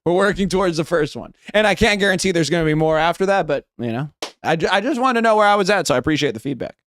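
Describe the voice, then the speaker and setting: A man's voice: high voice, lively intonation, fast, a bit bright, slight background noise. A young man with a West Coast American accent chatting casually on a livestream, rambling, swearing and thinking aloud as he reads chat. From United States. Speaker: streamer.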